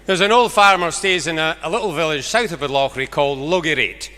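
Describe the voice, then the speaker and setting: A Scottish man telling jokes on stage as a comedian, a brisk storyteller building to punchlines. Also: fairly high pitch, background noise. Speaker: stand-up comedian. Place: large music hall stage. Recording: echoey concert hall.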